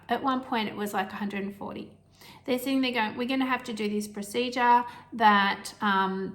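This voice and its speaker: A middle-aged woman telling a personal health story to camera, emotional and halting, with restarts and nervous laughs. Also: on the high side, fairly bright tone.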